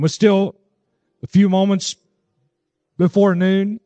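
A man's voice: fairly high pitch, moderate pace, mellow, no echo. A male pastor preaching a sermon to his congregation, telling a story and rising to fervent cries of praise. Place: church service.

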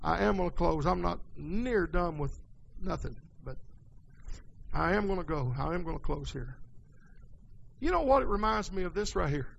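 A man preaching a folksy sermon in a church, dropping quiet and then rising to hollering. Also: sits high, lively intonation, moderate pace, creaky, long pauses, muffled recording, a little hiss or hum.

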